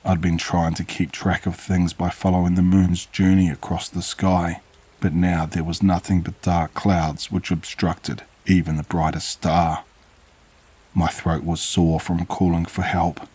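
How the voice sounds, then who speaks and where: A man narrating a horror story in a measured, grave, suspenseful way. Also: deep voice, flat delivery, darkish tone, husky.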